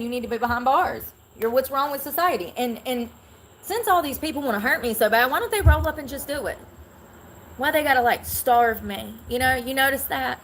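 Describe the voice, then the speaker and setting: A woman's voice: fairly high pitch, slight background noise. A woman live-streaming an aggrieved, rambling rant into her phone. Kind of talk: ranting vlog monologue. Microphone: phone held for self-filming.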